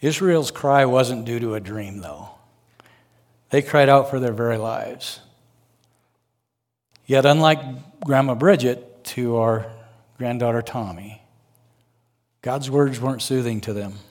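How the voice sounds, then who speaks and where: Older male guest preacher, mid pitch, earnest sermon delivery with homely asides. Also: slow, pauses often. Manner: earnest, folksy asides, rises for emphasis.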